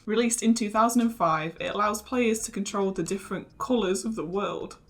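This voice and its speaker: A woman's voice: mid-range voice, a little fast. Giggly woman reading out garbled text. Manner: giggly, stumbling over the garbled lines. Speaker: host. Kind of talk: casual comedy chat, reading garbled text aloud.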